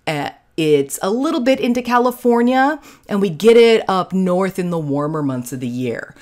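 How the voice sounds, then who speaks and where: A woman with a Southern US accent gives a casual, joking recorded lecture on forensic entomology with slides, using frequent fillers. Her mid-range voice is sing-song and darkish, at a normal speed.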